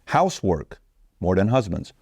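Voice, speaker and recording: A man hosting an opinion commentary, talking straight to viewers in an animated, mocking way. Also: sits low, moderate pace, creaky, husky, dry recording, clean studio sound. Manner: animated, mocking, acts out quoted women in a raised voice; addresses viewers directly. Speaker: host.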